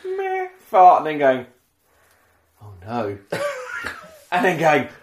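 A man co-hosting a casual podcast chat, telling a story in an animated way and acting out the quotes. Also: medium pitch, slow pace, echoey room, slight background noise. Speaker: podcast co-host.

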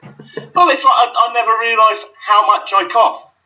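A man's voice: very high-pitched, normal speed, bright, forceful tone, lo-fi sound. A man cracking dry jokes in a casual chat. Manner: dry, joking quips.

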